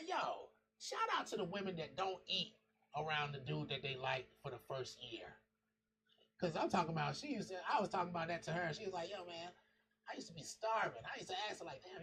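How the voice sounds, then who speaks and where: A man on a podcast in casual chat, telling stories in loose slang and laughing often. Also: on the high side. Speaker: podcast host.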